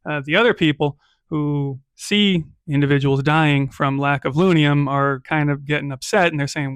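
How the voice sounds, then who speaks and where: A man's voice: fairly high pitch, fairly even intonation, normal speed, clear, resonant tone, no room sound, clean studio sound. A man narrating a solo tabletop game as game master, casual and chatty, often checking in with "right?".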